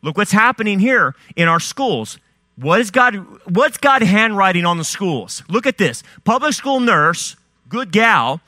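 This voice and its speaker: A male preacher delivers a fiery sermon in a high voice that leaps and plunges with every rhetorical question. His tone is bright and cutting, and the sound is dry and close to the mic. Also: very animated, a little slow, no echo. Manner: fiery rhetorical questions, rising and dropping emphasis.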